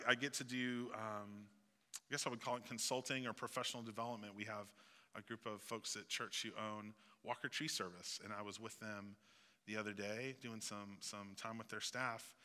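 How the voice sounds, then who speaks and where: A man's voice: medium pitch, pushed and bright. A male pastor with a Southeast Missouri accent, preaching a sermon in a conversational way with joking asides. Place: church sanctuary. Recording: long hall reverb.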